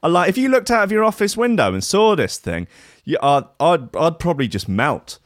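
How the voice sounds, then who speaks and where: A man's voice: a little high, sing-song, fairly quick, no echo, clean studio sound. A man hosting a live radio show, chatting in a rambling, irreverent way with plenty of swearing. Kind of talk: casual live radio chat.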